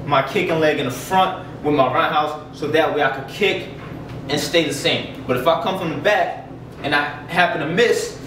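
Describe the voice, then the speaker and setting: A man's voice: fairly high pitch, moderate pace, background noise. A man teaching basic karate kicks in a loose, chatty way, out of breath as he demonstrates. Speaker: karate instructor. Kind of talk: casual martial arts lesson. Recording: echoey room, mic from a distance.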